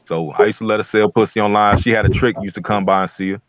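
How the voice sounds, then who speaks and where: Fast-talking blunt man on lo-fi audio. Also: lowish voice, steady tone, no echo. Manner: blunt, crude storytelling. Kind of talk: casual group audio chat. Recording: dull lo-fi call audio.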